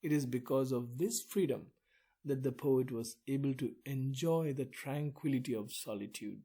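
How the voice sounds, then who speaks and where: A man giving a poetry lesson, explaining slowly and deliberately, with pauses between phrases. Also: mid-range voice, warm tone, slightly rough. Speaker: literature teacher.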